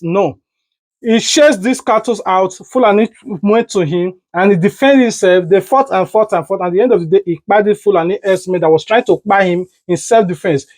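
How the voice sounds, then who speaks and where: A Nigerian man hosting a commentary vlog, delivering an indignant, animated rant. He repeats phrases and breaks into shouts. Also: high voice, no room sound.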